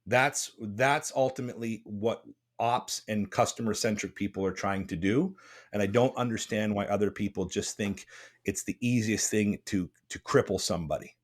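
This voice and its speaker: A man's voice: lowish voice, moderate pace. A man hosting a podcast, talking bluntly and passionately, rambling with restarts. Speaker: podcast host. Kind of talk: casual podcast chat.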